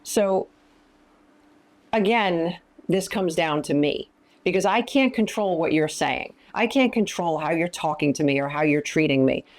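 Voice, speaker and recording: Lower-voiced woman teaching emphatically. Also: animated, measured pace. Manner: emphatic, often acting out quoted lines. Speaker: Christian counselor and minister. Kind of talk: conversational teaching in an interview.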